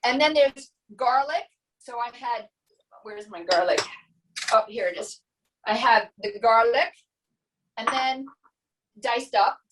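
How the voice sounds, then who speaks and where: A woman's voice: fairly high pitch, slow, pauses often, fairly bright tone, recorded from a distance, a little hiss or hum, poor audio. A middle-aged woman chatting casually as a guest while she shows how she makes a dish, explaining step by step with many asides. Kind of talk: casual cooking demo chat.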